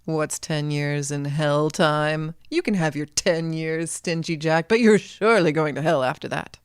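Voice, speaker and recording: A woman's voice: deep voice, a little slow, smooth, no room sound, clean studio sound. A woman voicing a scheming male devil who taunts his victim in a storytelling podcast. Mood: smug.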